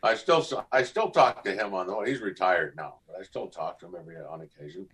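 Lively middle-aged man telling stories. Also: deep voice, quick pace. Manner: animated, acts out voices in anecdotes. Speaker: guest actor. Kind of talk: casual interview storytelling.

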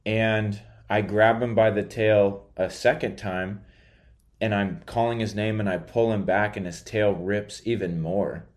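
Low-voiced man rambling through a story. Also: steady tone, measured pace. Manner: rambling, hesitant, many filler words. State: drowsy after a nap. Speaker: podcaster. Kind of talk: casual storytelling monologue.

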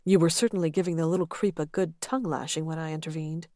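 A woman reader voicing a confident, flirtatious male executive with a calm, amused drawl. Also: low voice, fast talker, dry recording, clean studio sound, lightly acted.

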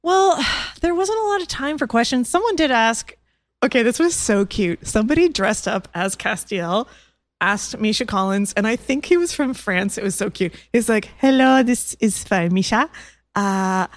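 A young woman co-hosts a chatty podcast and tells fan stories with breathless enthusiasm. Her voice is fairly high and leaps up and down, and the sound is close and dry with no room around it. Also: moderate pace, dry recording. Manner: gushing, excitable fan storytelling. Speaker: podcast co-host. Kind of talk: casual chat.

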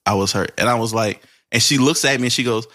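A man's voice: mid-range voice, fast, pushed and bright. A man in his thirties hosting a casual podcast, telling a long story with laughter over drinks. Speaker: podcast host. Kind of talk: casual chat among friends.

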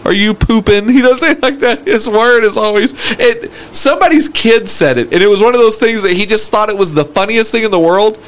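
A man's voice: high voice, fairly quick, few pauses. A man co-hosting a podcast in casual chat, crude and laughing often as he tells stories. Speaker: podcast co-host.

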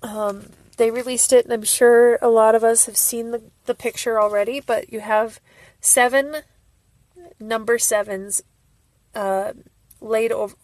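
Woman, fan vlogger, casual chat, gushing and teary, slow unhurried pace, fairly high voice, dry close sound. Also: a little mellow, no echo. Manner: emotional, laughing and tearful, gushing. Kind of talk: casual fan vlog reaction.

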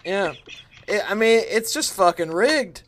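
High voiced dude on a podcast going off about how its all rigged, swears a ton. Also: male voice, unhurried. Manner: excitable ranting, swearing. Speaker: podcast co-host. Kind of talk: casual chat.

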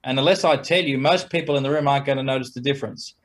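A man's voice: medium pitch, rapid-fire. A man who plays trumpet, talking casually as an interview guest, chuckling between points and acting out quoted exchanges in a raised voice.

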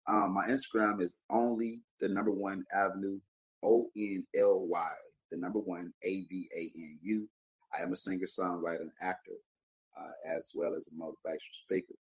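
A man's voice: low voice, steady tone, normal speed, husky. A man hosting a podcast, talking in a casual, slangy, rambling way, full of repeated fillers. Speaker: podcast host. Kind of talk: casual monologue. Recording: slightly muffled audio.

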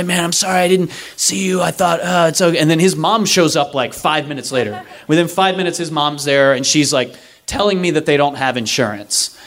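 A young man telling a story to a live audience, animated and self-mocking, acting out the people he quotes. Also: mid-range voice.

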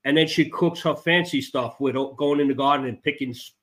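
A man's voice: medium pitch, fairly quick, a bit bright. Older Chicago-accented man, radio guest, matter-of-fact. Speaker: guest, motorcyclist advocacy director. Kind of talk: casual interview.

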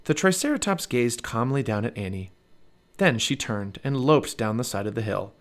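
A man narrating a children's storybook aloud, his mid-pitched voice rising and falling with lively expression. His delivery is animated, as if reading to kids. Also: moderate pace.

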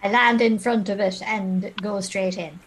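A woman playing her character in a tabletop role-play, brisk and playful. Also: mid-range voice, steady tone, slightly rough, rough recording. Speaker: player.

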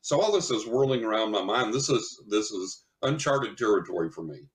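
An older man, a psychic medium guest, telling a story in casual chat, lively and chuckling as he acts out what people said. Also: fairly low pitch, moderate pace. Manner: animated anecdotal storytelling, chuckles often, acts out quotes.

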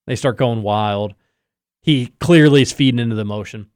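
A man hosting a sports podcast, telling a story in a lively casual way and acting out the quotes. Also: medium pitch, moderate pace, smooth, dry recording, studio quality. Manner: animated storyteller, acts out quotes. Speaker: podcast host.

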